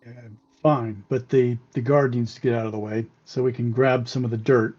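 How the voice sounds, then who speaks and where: A man playing a tabletop game, speaking in a halting way full of ums. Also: medium pitch, fairly even intonation, darkish tone, dull audio. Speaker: player. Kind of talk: casual tabletop play.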